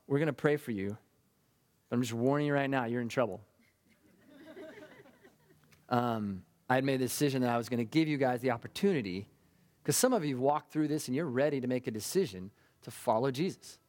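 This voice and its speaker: A male pastor preaching with fervent, emphatic conviction. His voice sits at an ordinary middle pitch, and he drives hard on his key phrases. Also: brisk, long pauses, a little mellow. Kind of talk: sermon.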